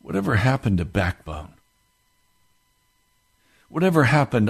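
American guy preaching a fiery sermon, gets loud and fervent. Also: on the low side, a little slow, pauses often. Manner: impassioned, rising to fervent outbursts.

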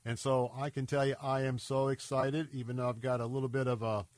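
A man's voice: medium pitch, little pitch movement, brisk, darkish tone, dry recording. Male radio host pleading for donations, earnest and urgent, a bit congested and scratchy, dry studio mic. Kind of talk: radio fundraising appeal.

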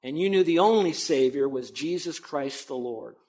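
A man's voice: fairly high pitch, animated, normal speed, a little mellow. A man pastor preaching a sermon in a conversational, emphatic way with asides to the congregation.

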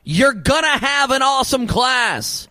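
A man hosting a sports radio show in a studio, talking in animated, preachy banter. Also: very high-pitched, unhurried, no room sound. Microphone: studio microphone.

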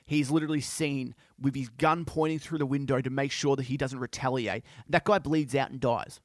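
A man hosting a podcast, speaking in an impassioned, halting way with many restarts. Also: mid-range voice, steady tone, no echo, clean studio sound. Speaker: podcast host. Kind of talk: casual monologue.

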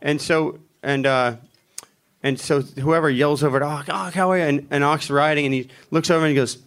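A middle-aged man, a panel guest at a live Q&A, retelling a story with animated, chuckling delivery. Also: fairly high pitch, normal speed.

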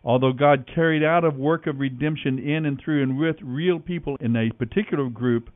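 A man hosting a Bible reading, measured and earnest, reading scripture with commentary. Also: fairly high pitch, no room sound. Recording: tinny phone-like line, faint music.

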